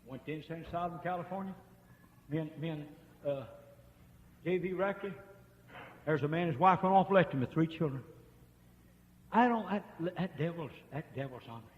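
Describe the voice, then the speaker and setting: A man preaching a holiness sermon, telling folksy stories and swinging from hushed pleading to shouting. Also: on the high side, lively intonation, normal speed, pauses often. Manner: folksy storytelling. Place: church sanctuary. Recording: muffled echoey church tape, faint hiss.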